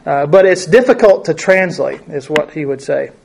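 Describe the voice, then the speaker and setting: A man's voice: a little high, normal speed, creaky, darkish tone, a little hiss or hum. A man teaching a Bible study lesson, reading verses aloud and explaining them in a conversational way, with many fillers and rhetorical questions.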